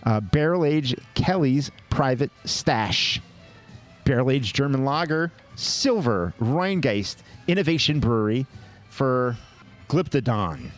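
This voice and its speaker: A man co-hosting a podcast, jokingly rattling through a list of award winners with quick asides. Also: medium pitch, lively intonation, soft background music. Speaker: podcast co-host. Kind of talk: casual chat, reading award lists.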